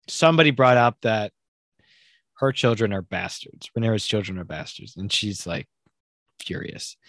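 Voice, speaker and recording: A man recaps a fantasy drama in a loose, excitable ramble, full of asides and quick laughs. His voice sits at an ordinary middle pitch, and the recording is dry and close with no room sound. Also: no room sound. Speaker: podcast co-host. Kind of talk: casual show recap chat.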